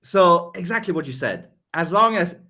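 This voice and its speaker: A man's voice: high voice, lively intonation, normal speed, pushed and bright. A man hosting a casual podcast interview, agreeing often and adding short remarks. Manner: eager backchannels, agreeable. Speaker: podcast host.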